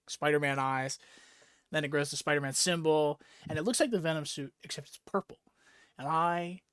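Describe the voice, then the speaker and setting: A man's voice: fairly high pitch, fairly bright tone, clean tone, dry recording, clean studio sound. A young man hosting a casual podcast chat, rambling with lots of fillers and swearing freely as he recaps a story. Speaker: podcast host.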